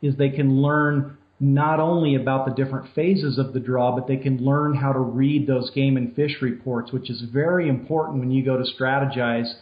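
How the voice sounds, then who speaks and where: Arizona hunting guide over a phone line. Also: male voice, medium pitch, normal speed, few pauses. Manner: relaxed, explanatory, many fillers. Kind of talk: phone interview, explaining technique. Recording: muffled phone line with room echo.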